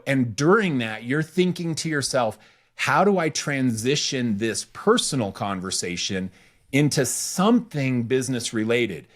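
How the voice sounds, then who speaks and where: A man co-hosting a podcast, giving casual business advice, informal and lively, acting out bits of small talk. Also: unhurried. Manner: animated, acts out quoted small talk with pitch jumps; informal, says "freaking", repeats phrases. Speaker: podcast co-host.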